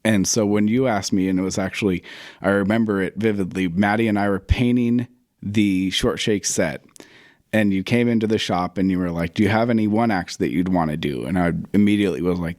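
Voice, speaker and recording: A man with a deep voice speaks at a moderate pace in a clean, studio-quality recording with no room sound. He is a guest writer and theater director in a casual interview, reflectively telling stories and acting out things he once said.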